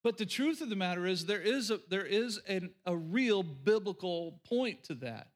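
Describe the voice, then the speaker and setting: A man's voice: high-pitched, animated, normal speed. A middle-aged man from rural Oklahoma preaching a sermon, emphatic and folksy, repeating his key lines for the congregation. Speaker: pastor.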